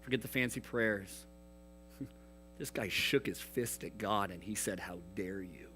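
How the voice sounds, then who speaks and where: A man preaching a youth sermon in an earnest manner, swinging between hushed and emphatic. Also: lowish voice, measured pace, faint music behind, poor audio. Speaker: youth pastor.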